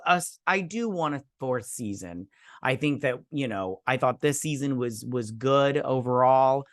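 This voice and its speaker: A man with a mid-range, fairly bright voice hosts a casual spoken TV review, recorded at studio quality with no echo. He rambles with many fillers and restarts, mimicking characters' lines in mocking voices.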